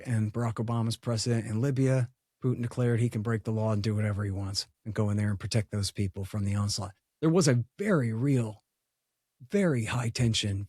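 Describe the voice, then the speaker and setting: A man's voice: mid-range voice, a little mellow, dry recording. Blunt, digressive man, dry sound. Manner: blunt, digressive, loses his count, fillers. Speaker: guest foreign policy commentator. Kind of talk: unscripted interview talk.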